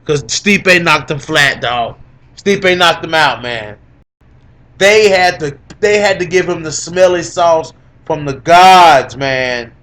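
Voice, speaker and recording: Young male podcast co-host, higher-pitched, boastful and teasing, loops his lines for emphasis. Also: lively intonation, slow, fairly bright tone. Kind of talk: gloating casual MMA commentary.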